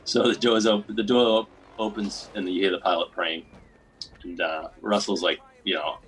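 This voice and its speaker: A man hosting a podcast, recapping a film in casual chat, rambling and acting out quotes in quick bursts. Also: sits low, a bit bright, rough recording. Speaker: podcast host.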